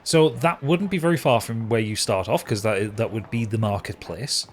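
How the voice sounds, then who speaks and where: Rambling low-voiced game master. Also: male voice, normal speed, a little hiss or hum. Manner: rambling, hesitant, heavy fillers. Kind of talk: narrating a tabletop game.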